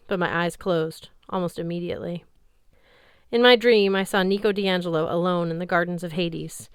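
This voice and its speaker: A woman narrating a story in the first person with steady, expressive reading. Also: lowish voice, clean tone, no room sound, studio quality. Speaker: audiobook reader.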